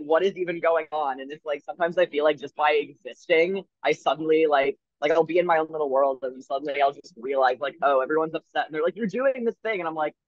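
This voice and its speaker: A man's voice: on the high side, dry recording, dull audio. A man chatting casually as a podcast co-host, rambling through anecdotes and acting out what other people said. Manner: rambling anecdotes with acted-out quotes. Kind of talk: casual chat.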